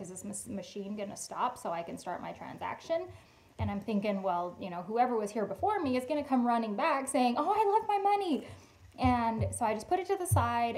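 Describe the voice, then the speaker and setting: A woman's voice: medium pitch, rough recording. A woman vlogger casually telling personal stories, acting out the voices of the people she met. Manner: chatty, animated retelling with quoted dialogue. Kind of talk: casual storytime chat.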